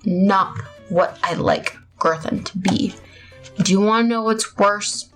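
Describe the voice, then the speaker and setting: A woman with a mid-range voice talks slowly and casually over her gameplay, faint music playing behind her. Chatty and rambling, she narrates her play while poking fun at herself.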